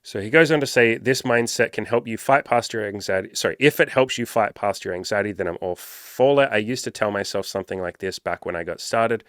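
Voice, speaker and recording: A young man with a fairly low voice riffs casually through an article, swearing freely and hammering his points. The recording is close and dry, with no room sound. He keeps switching into little acted-out pep talks. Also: brisk, few pauses, a bit bright, dry recording. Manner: emphatic, profane, puts on voices when quoting himself. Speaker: podcast host and dating coach. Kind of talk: casual podcast commentary reading an article.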